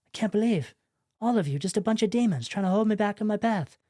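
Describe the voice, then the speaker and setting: An exasperated soul lashing out at enemies, as a man puts on the voice. The voice climbs high and sounds incredulous. It is recorded dry and close. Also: animated, quick pace, dark tone, no room sound. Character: frustrated person lashing out at enemies.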